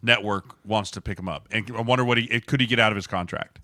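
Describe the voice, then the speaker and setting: A man talks fast in casual sports chat, firing off questions. His voice is bright and forceful, recorded dry and close. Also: on the low side, no echo. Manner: quick, questioning. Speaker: podcast co-host.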